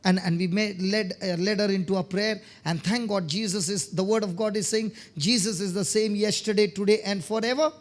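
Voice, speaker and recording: A man's voice: sits high, brisk, hardly any pauses. A man preaching a sermon, telling testimony stories, often checking in with his listeners and repeating words as he starts phrases.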